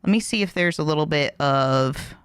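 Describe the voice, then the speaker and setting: A woman hosting a reaction video, giving animated, opinionated commentary that rises when she gets passionate. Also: low-pitched, moderate pace, clear, resonant tone, no room sound, clean studio sound.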